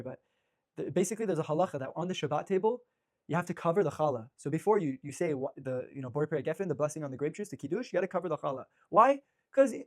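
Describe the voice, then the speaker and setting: Male rabbi giving a casual lecture, quick delivery, higher-pitched voice, lots of "you know" and restarts. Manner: energetic, rapid, many restarts and fillers. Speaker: rabbi teaching a class. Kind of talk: informal religious lecture.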